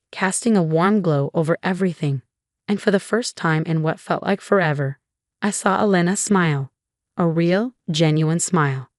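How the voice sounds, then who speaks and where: A woman reading a first-person story aloud in a steady, even narration. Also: on the low side, dry recording, studio quality. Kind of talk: scripted narration.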